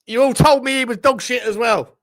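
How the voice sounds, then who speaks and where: A man reacts live to a football match as a partisan fan host, his bright, forceful voice jumping into shouts at big chances. He swears freely and keeps coughing from a chesty cold. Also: very high-pitched, brisk.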